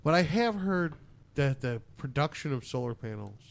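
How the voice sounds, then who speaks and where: A man's voice: on the high side, big pitch swings, normal speed, vocal fry. A man co-hosting a casual podcast, bantering with jokes and skeptical questions. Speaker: podcast co-host. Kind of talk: casual chat.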